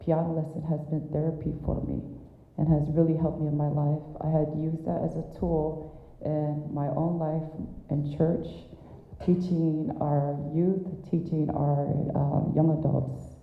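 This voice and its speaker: A woman's voice: deep voice, little pitch movement, unhurried, creaky, a little hiss or hum. A middle-aged woman giving a personal memorial speech as a daughter, telling candid family stories with self-deprecating asides. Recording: echoey hall over a tinny phone-like line.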